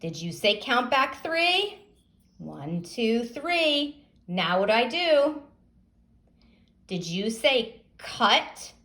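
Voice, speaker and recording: A woman teacher giving a phonics lesson, sounding out words slowly and asking young pupils questions. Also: on the high side, very animated, sharp tone.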